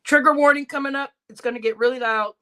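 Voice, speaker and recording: Rambling woman streamer with a higher voice. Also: fairly even intonation, fast talker, heavy background noise. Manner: rambling, stumbling restarts, blunt exclamations. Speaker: reaction stream host. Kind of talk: casual commentary on a played recording.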